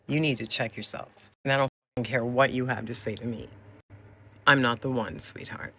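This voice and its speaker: A woman's voice: very deep voice, fairly bright tone, slight background noise. Blunt, confrontational Minnesota woman ranting. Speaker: commentator. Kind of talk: angry direct-to-camera rant.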